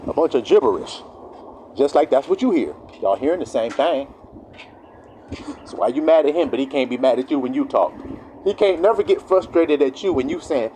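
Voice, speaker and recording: Animated man preaching casually. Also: medium pitch, normal speed, a little hiss or hum, rough recording. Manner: animated, acts out quoted voices. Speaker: online preacher.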